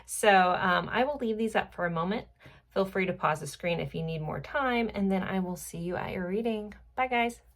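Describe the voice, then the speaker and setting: A woman's voice: medium pitch, moderate pace. A woman giving a casual, chatty tarot card reading to her viewers, rambling with many fillers. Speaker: tarot reader.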